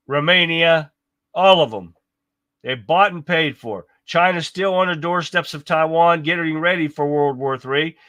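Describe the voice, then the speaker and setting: A man's voice: fairly high pitch, pushed and bright, no room sound. A man hosting a live stream, reacting with heated, profane rants and talking to his chat viewers. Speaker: livestream host.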